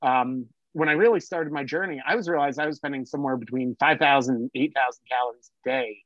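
A man's voice: mid-range voice, fast talker, fairly bright tone, no echo. Man from south jersey, podcast guest, chatty rambling storyteller, dull lo-fi recording. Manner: rambling, heavy on fillers like "uh" and "like". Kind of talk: casual storytelling.

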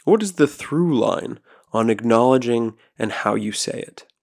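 A man hosts his own podcast alone, talking in a calm and thoughtful way. His voice has a gravelly edge. He keeps pausing to ask the listener questions. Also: medium pitch. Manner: calm, reflective, asks rhetorical questions. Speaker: podcast host. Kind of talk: solo podcast monologue.

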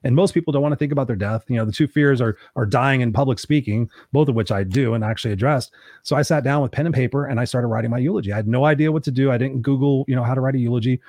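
Man, middle-aged, podcast host, rapid delivery, brash storyteller, swears, dry close sound. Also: mid-range voice, darkish tone, dry recording. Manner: brash storyteller who acts out quotes and swears freely. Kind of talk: casual interview chat.

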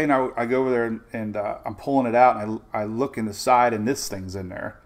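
An older man with a gravelly, creaky voice talks through the weather in a loose, rambling way. He hosts a casual weather stream and drifts into homey asides between forecasts. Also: mid-range voice, quick pace, few pauses, darkish tone. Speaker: weather show host.

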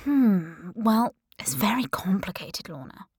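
A woman narrator voicing a smug, unhurried male killer in an audiobook, with a calm, mocking, drawn-out delivery. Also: mid-range voice, husky, dry recording, clean studio sound, heavily acted. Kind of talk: audiobook character voice.

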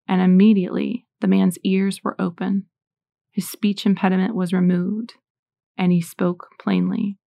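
A woman's voice: on the low side, creaky, warm tone, no room sound, studio quality. A woman in her forties giving a Catholic faith talk, telling personal stories in an earnest way and reading scripture aloud. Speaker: Catholic speaker.

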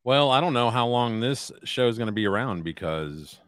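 A man co-hosting a casual podcast, relaxed, reading out news items and telling easygoing stories. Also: medium pitch, normal speed, smooth, dry recording, clean studio sound. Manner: relaxed storyteller, reads news items aloud. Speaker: podcast co-host.

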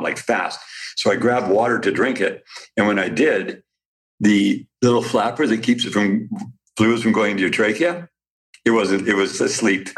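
A man with a very deep, gravelly voice speaks as an interview guest. He tells stories with eager enthusiasm, often restarting mid-sentence and laughing lightly. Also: a little hiss or hum. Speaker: guest, company founder. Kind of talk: casual interview talk.

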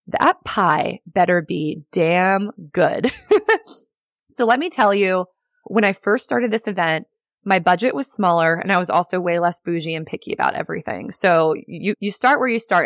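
A woman's voice: lowish voice, no echo, clean studio sound. A woman hosting a solo podcast, teaching in a chatty, upbeat way with frequent laughs and filler words. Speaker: podcast host and real estate agent.

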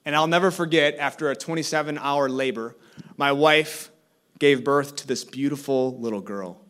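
A man in his thirties sharing a personal testimony as a guest speaker at church, storytelling warmly and growing animated. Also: a little high, moderate pace. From South Korea. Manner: storytelling, animated when excited, soft in prayerful parts. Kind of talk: testimony sermon.

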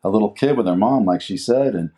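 A man in his sixties with a lowish, mellow voice, speaking as an interview guest. He rambles through his story with plenty of uhs and restarts. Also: fast talker. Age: 60s. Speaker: guest, food business co-owner. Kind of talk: casual interview chat.

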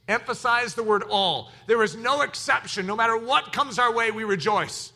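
A middle-aged man preaching to his congregation with a strikingly sharp, bright voice. He is animated and lively, dropping to near-conversational asides before rising into shouted exclamations. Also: high-pitched, normal speed. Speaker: pastor. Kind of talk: sermon.

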